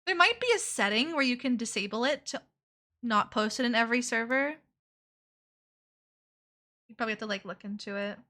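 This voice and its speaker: A playful woman chats loosely with her viewers while she draws, drifting into hummed nonsense syllables. Her voice sits a little high and sounds bright and crisp. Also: animated, fairly quick, pauses often. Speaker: VTuber streamer. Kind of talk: casual livestream chat while drawing.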